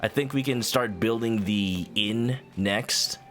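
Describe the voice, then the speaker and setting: A man's voice: lowish voice, slow pace, a bit bright. A man casually commenting while streaming a video game, playful and joking, rambling with little stammers, with game music behind him.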